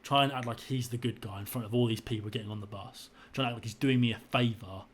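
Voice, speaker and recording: A man's voice: mid-range voice, fairly even intonation, quick pace, slight background noise. A young man tells his own story in a frustrated, indignant way, often repeating himself. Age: young adult. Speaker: vlogger. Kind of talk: personal story to camera.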